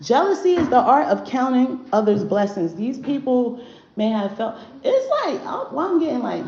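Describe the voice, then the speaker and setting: A woman's voice: a little high, darkish tone. Blunt, profane woman reading on a livestream. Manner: blunt and profane, talks to chat directly. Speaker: spiritual reader livestreaming to viewers. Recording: dull roomy livestream audio with faint noise.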